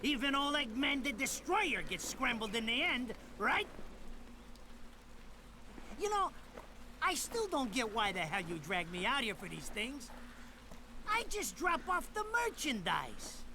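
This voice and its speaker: A man's voice: very high voice, big pitch swings, a little slow, pauses often, noisy background, exaggerated voice. An actor playing a crude, griping mob errand man in a video game cutscene, with a nasal, whiny voice. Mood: griping banter. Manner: crude, griping, panicky when scared. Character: foul-mouthed whiny middle-aged male mob errand man.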